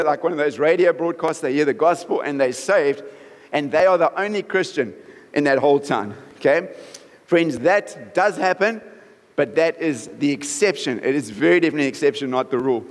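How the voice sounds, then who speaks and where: A man preaching a sermon as pastor in a conversational way, often checking in with the congregation. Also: fairly high pitch. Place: church hall. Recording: reverberant church hall.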